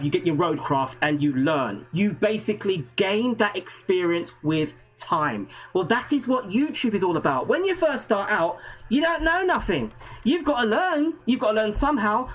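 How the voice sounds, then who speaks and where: A man hosting a live stream, talking in an energetic, chatty way and greeting viewers. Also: high voice, low-quality recording. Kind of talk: casual live stream talk.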